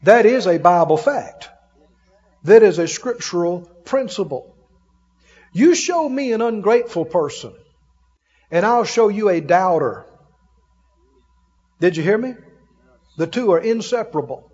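High-voiced, folksy male preacher. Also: sing-song, measured pace, long pauses, darkish tone, slightly rough, in a large hall, muffled recording. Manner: folksy, emphatic, laughing as he preaches. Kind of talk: sermon.

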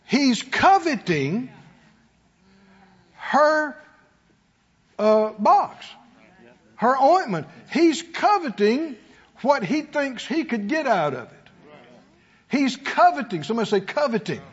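A man's voice: very high-pitched, big pitch swings, slow pace, fairly bright tone, breathy edge, lo-fi sound. A man preaching a sermon as pastor, emphatic, with call-and-response to his congregation.

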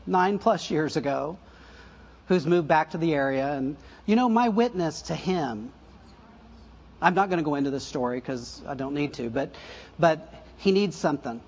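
A fairly high-voiced older man preaches in an easy, conversational way, trailing into asides and correcting himself as he goes. His voice has a husky, breathy edge. The recording sounds slightly muffled and dull. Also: animated, moderate pace. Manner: laughs softly at his own stories. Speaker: pastor. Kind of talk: sermon.

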